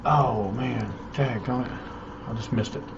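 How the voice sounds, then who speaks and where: Man, live-stream host, rambling and halting, clear background noise. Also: medium pitch, lo-fi sound. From North Carolina, USA. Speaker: show host. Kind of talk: casual live-stream chat. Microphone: desk microphone on a live stream.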